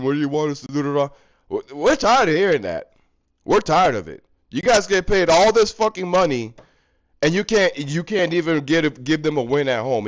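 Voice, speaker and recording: A man's voice: fairly high pitch, rough recording. A young man ranting angrily about his hockey team in a fan video recap, profane and exasperated. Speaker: fan channel host.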